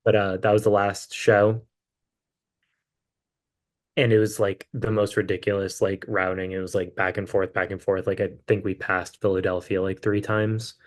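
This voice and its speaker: A man's voice: low-pitched, flat delivery, normal speed. A man appearing as a podcast guest who tells a road story in a casual, rambling way, full of fillers. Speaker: musician guest.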